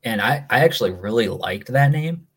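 A man's voice: mid-range voice, expressive, a little fast, a bit bright, slightly rough. A young man from Maine, co-hosting a podcast and telling stories in a rambling, easygoing way with lots of fillers. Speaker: podcast co-host. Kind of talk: casual chat.

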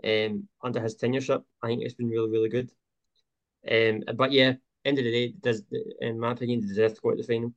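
A man's voice: medium pitch, level tone, quick pace, dull audio. A man hosting a casual football podcast, talking with many hesitant fillers. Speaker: podcast host.

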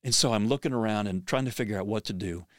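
A man's voice: fairly low pitch, quick pace, fairly bright tone, no echo, clean studio sound. A middle-aged man hosting a podcast, telling a personal story in an earnest, vivid way that often restarts sentences.

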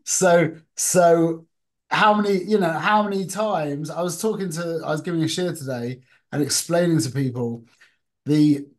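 At a measured pace and with a voice on the high side, a Torah teacher talks informally to his class. He asks the group questions as he goes, weaving Hebrew and Yiddish expressions into his English.

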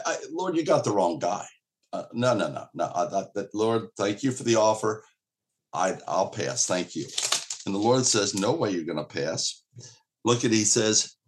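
A male pastor preaching an earnest, emphatic sermon, acting out quoted dialogue along the way. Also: on the low side.

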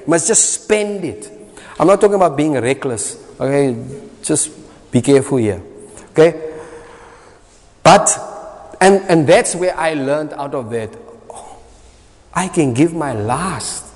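Emphatic South African preacher in a hall. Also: male voice, a little high, expressive, unhurried, pauses often. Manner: emphatic, switches into Afrikaans phrases. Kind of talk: sermon. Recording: reverberant hall.

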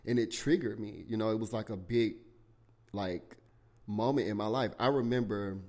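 Young man, lowish voice, loose profane storytelling, animated, podcast host. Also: moderate pace. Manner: candid, profane, animated retelling with bursts of shouting. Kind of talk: casual storytelling monologue.

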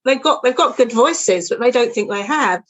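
A woman's voice: on the high side, expressive, moderate pace, highs cut off, a little hiss or hum. A woman hosting a podcast interview, earnest and effusive, often repeating her phrases as she responds. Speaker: podcast host.

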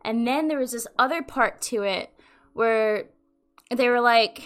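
A young adult woman hosting a podcast, telling a rambling, animated story in casual chat and swearing freely. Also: a little high, unhurried. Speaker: podcast host.

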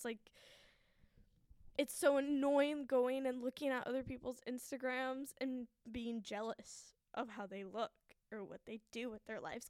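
A woman's voice: a little high, clear, resonant tone, no echo. Shaky-voiced young woman podcaster. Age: 20s. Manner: shaky, anxious and frank, swears often, laughs at herself. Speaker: podcast host. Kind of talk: candid solo podcast monologue.

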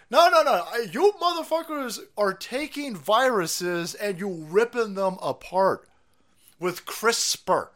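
A man's voice: high-pitched, animated, slow pace, a bit bright. Foul-mouthed man ranting. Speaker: streamer. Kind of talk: profane conspiracy rant.

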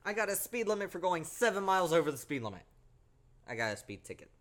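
Quick-paced and sitting high, the young host's voice carries an animated retelling of a spooky personal story on his podcast. It's casual and heavily laced with profanity.

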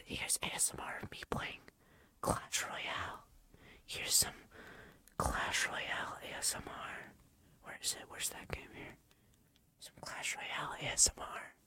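Young man doing a mock ASMR whisper. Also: sharp tone. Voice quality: unvoiced whisper close to the mic. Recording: whispering close to the microphone.

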